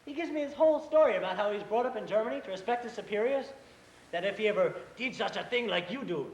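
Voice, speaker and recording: Acting in a school play, a young man plays a hot-headed, earnest eighteen-year-old brother, his voice sitting high and his delivery fast. He tells an indignant, animated story in which he mimics his boss. There's auditorium echo and a faint hiss.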